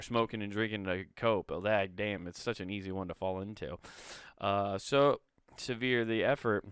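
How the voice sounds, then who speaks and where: Comedy podcast guy riffing on an article, swears a lot, dry close sound, smooth voice. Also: fairly low pitch, a bit bright, dry recording. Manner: irreverent, profane asides. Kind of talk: comedic solo monologue reading an article.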